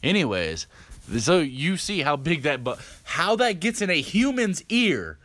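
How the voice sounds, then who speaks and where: A man's voice: fairly high pitch, very animated, a little slow, a bit bright. A man in his fifties telling a story for his vlog in a casual, rambling way, with frequent swearing and fillers. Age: 50s. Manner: rambling, profane, lots of fillers. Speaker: vlogger.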